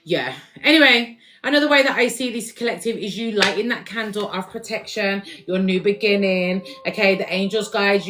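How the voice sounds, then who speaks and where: A woman chats her way through a casual spiritual reading, laughing often and sometimes swearing or slipping into slang. Her voice sits at a middling pitch, and music plays clearly beneath her the whole time. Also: fairly bright tone. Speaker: spiritual reader.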